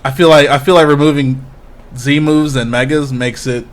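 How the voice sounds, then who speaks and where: A man's voice: mid-range voice, steady tone, normal speed. A man co-hosting a casual podcast, talking in a brash, profane, trash-talking way. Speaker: podcast co-host.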